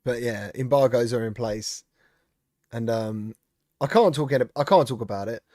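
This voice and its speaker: A man's voice: mid-range voice, moderate pace, mellow, no room sound, studio quality. Chatty man greeting live-stream viewers. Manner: chatty, reads out viewer comments and greets them. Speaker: streamer host. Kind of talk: casual live-stream chat.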